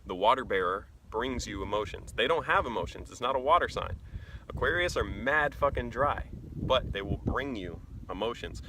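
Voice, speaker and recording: A man explaining things casually in a blunt, animated and profane way. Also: medium pitch, normal speed, slight background noise. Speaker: vlogger.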